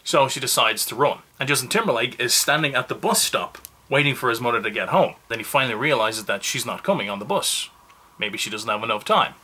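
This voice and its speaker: A man's voice: medium pitch, animated, brisk, pushed and bright, breathy edge. A man giving a casual, rambling movie review, full of self-mocking asides.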